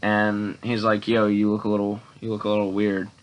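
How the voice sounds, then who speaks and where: A man's voice: on the low side, monotone, brisk, slight background noise, low-quality recording. A young man rambling through a casual storytime vlog, restarting often and quoting himself with "and I'm like". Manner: rambling, repeats words and restarts, many "and I'm like". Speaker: vlogger.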